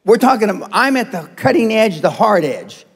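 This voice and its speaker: A man's voice: high voice, very animated, moderate pace, slightly rough. An older man giving a motivational seminar talk to a live audience, blunt, profane and confrontational. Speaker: seminar speaker. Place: large seminar hall with audience. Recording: reverberant live hall recording.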